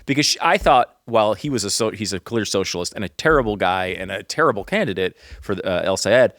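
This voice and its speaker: A man's voice: on the low side, lively intonation, a little fast, fairly bright tone, no echo, studio quality. A man co-hosting a casual podcast chat, talking in rambling, self-interrupting runs and often laughing. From Northeastern US. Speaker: co-host.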